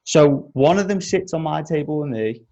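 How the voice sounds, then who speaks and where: A man's voice: fairly high pitch, normal speed, dull audio. Young man telling a wild story. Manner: animated storyteller, swears a lot. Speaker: podcast host. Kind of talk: casual chat, storytelling.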